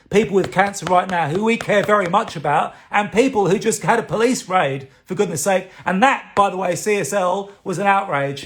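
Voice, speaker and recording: Indignant man, urgent appeal. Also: sits high. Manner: urgent, indignant, repeating phrases for emphasis. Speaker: campaign advocate on livestream. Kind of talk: impassioned live video address.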